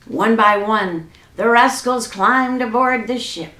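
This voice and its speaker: A woman reading a children's storybook aloud in an expressive, unhurried way. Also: a little high, roomy sound.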